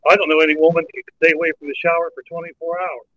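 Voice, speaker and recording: A man's voice: fairly high pitch, level tone, very fast, no room sound. A man calling in to a talk show, blunt and emphatic, heard over a phone line. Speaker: caller. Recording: tinny dry phone line.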